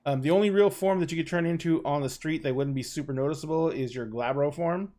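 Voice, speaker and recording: A man running a tabletop role-playing game, relaxed and hesitant as he works out the rules aloud. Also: on the high side, fast. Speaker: storyteller.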